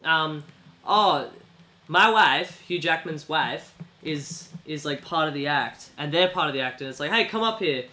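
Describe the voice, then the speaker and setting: Bright-voiced young man rambling casually. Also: a little high, expressive, a little slow. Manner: rambling, acts out characters in silly put-on voices. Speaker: podcast co-host. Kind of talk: casual chat.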